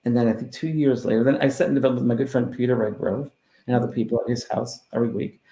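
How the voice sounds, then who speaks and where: A man who is a spiritual medium, telling stories in a casual interview and swinging between loud and hushed. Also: medium pitch, fairly even intonation, very fast. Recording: roomy echo.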